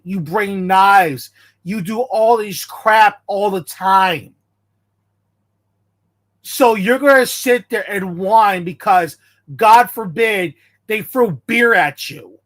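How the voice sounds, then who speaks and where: A man's voice: sits high, slow pace, fairly bright tone. An American man commenting on a video in a heated, casual rant, blunt and confrontational, repeating himself for emphasis. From United States.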